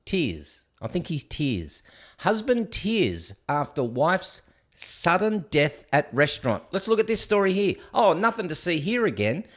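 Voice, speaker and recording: An Australian man with a slightly raised pitch hosts his own show. He rants through news stories with heavy sarcasm and hammers home his points. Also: sing-song, measured pace. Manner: sarcastic, emphatic, reads headlines aloud. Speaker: host. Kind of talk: ranting commentary on news stories.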